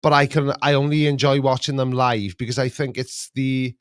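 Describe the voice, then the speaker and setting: A man's voice: medium pitch, level tone, normal speed, clean tone, no echo, studio quality. A middle-aged man hosting a live stream, chatting casually and rambling between stories, chuckling at his own jokes.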